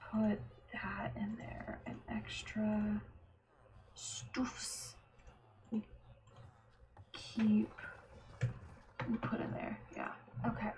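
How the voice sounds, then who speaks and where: Slow, murmuring woman streamer. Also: a little high, creaky, darkish tone, a little hiss or hum. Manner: muttering to herself, trailing off, often half-whispered. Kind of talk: casual gameplay commentary.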